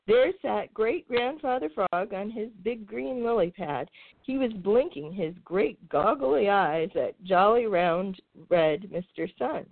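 Woman reading a storybook aloud, lively. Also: mid-range voice, slow, no echo. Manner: expressive, lilting reading. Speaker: podcast host reading aloud. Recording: tinny phone-like sound.

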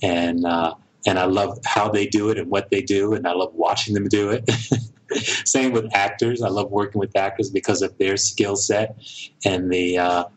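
A middle-aged American man, a director and producer, talks thoughtfully in a casual interview, often pausing and restarting his sentences. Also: fairly low pitch, fairly even intonation, low-quality recording. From United States. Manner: thoughtful, halting, with frequent restarts.

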